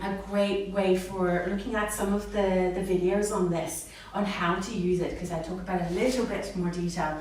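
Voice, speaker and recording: A woman speech therapist giving a live talk to parents, animated, acting out words in a sing-song voice. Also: medium pitch. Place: hall with a live audience. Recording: echoey room, mic far off, faint noise.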